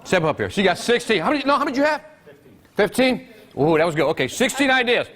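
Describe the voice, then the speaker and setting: A man's voice: sits high, sing-song, quick pace, fairly bright tone. A man running a live interactive business workshop, energetically quizzing his audience. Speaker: workshop trainer.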